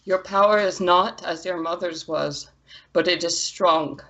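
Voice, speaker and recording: A woman voicing a proud ancient female water elemental who pleads in a choked, breathy voice, over dull lo-fi audio. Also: fairly low pitch, unhurried, fairly bright tone. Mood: pleading.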